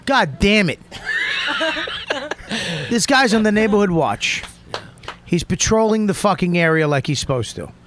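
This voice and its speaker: A man hosting a podcast, telling a heated story in a profane, emphatic way that keeps swinging into shouting. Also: high voice, very animated, unhurried, pauses often, a little hiss or hum. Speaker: podcast host.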